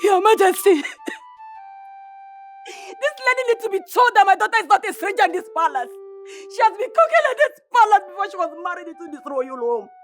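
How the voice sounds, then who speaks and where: A woman's voice: very high voice, big pitch swings, brisk, soft background music. An actress playing the indignant, tearful mother of a palace maid, with a Nigerian accent. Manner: indignant, pleading.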